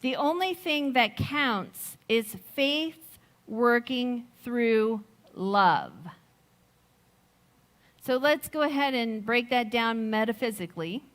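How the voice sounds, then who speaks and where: A middle-aged woman giving a sermon, slow and reflective, telling a personal story with gentle laughs. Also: a little high, lively intonation. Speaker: speaker at a Sunday service.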